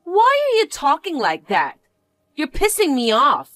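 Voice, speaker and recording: A woman's voice: high-pitched, huge pitch swings, measured pace, a bit bright, no echo, exaggerated voice. A woman voicing a bratty, boastful young stepsister who talks in a haughty, taunting, demanding way. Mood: mocking. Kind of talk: dramatized story acting.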